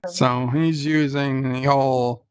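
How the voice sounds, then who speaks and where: A man's voice: mid-range voice, steady tone, takes it slowly, crowd noise. A man streaming a strategy game, reacting aloud with grumbles, curses and cheers. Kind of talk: live game commentary.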